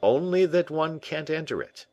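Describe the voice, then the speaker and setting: A man's voice: fairly high pitch, animated, normal speed, a little mellow, no echo, voice pushed up. A man voicing a bold musketeer captain who teases and presses with emphatic banter, in an audiobook reading. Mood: teasing.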